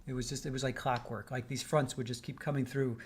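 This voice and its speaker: A man's voice: mid-range voice, flat delivery, fast, husky. An older man from the Midwest hosting a livestream. He reads viewer comments aloud and answers in a chatty, rambling way, often restarting his sentences. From American Midwest. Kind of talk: casual chat while waiting for a trial.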